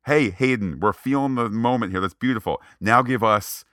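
A man's voice: fairly low pitch, normal speed, no room sound, clean studio sound. A man co-hosting a movie podcast, chatting casually and acting out quoted lines. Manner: animated, acts out quoted lines. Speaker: podcast co-host. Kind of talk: casual movie review chat.

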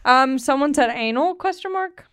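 A woman's voice: sits high, expressive, moderate pace, a bit bright, no echo, studio quality. A young woman in her twenties hosting a podcast in casual chat, upbeat and full of filler words. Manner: chatty, upbeat, heavy "like" filler. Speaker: podcast host.

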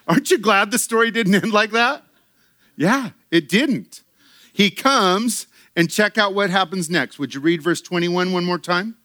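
A man preaching a sermon to his church in an animated way, acting out quoted voices and laughing often. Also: high-pitched, unhurried, dry recording, clean studio sound. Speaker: pastor.

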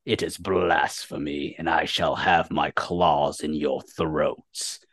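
A man's voice: a bass voice, fairly even intonation, takes it slowly, fairly bright tone, no room sound, studio quality, pitched below the performer's own voice, exaggerated voice. A man voicing a snarling, vengeful male beast warrior in a tabletop game, growling and menacing. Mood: threatening.

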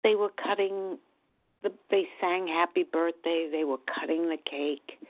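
A middle-aged woman sharing her personal recovery story at a meeting, talking in a halting, earnest way. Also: fairly low pitch. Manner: slow, halting, earnest, with pauses and restarts. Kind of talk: personal testimony at a support meeting. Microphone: phone call. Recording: tinny phone line.

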